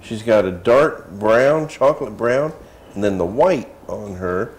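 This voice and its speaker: A man's voice: fairly low pitch, expressive, a little slow. A man hosting a casual local TV chat in a folksy, chatty way. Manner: folksy, chatty, says y'all. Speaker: TV show host.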